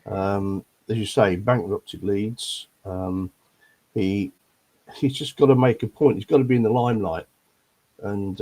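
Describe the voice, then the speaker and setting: A man's voice: fairly low pitch, creaky, a little mellow, slightly rough. An older man from Leicester, grumbling his way through a rambling casual chat about football on a fan panel. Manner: grumbling, rambling with many ums.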